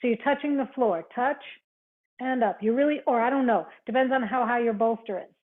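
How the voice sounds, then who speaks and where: A woman's voice: on the high side, brisk. A woman yoga instructor cueing a live online class, counting reps, giving short cues and chatting with students. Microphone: video call. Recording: tinny video-call audio.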